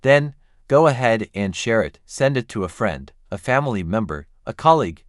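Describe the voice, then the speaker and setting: A man's voice: lowish voice, very animated, moderate pace, dry recording, studio quality. A man reading a scripted outro for the channel, earnestly thanking viewers.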